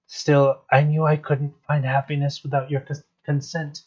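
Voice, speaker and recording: A man reading a gentle young princess. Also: on the high side, completely flat delivery, moderate pace, voice pushed up, lightly acted. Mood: tender. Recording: dull lo-fi stream audio, faint guitar music.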